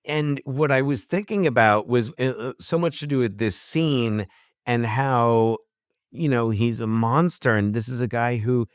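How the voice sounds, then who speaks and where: An excitable man co-hosting a podcast, talking casually about a film and tumbling through half-finished thoughts. His voice sits in an ordinary middle pitch. The recording is dry and close, with no room around it. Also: measured pace, clear, resonant tone, no echo. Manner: excitable, thinks out loud with many restarts. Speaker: podcast co-host.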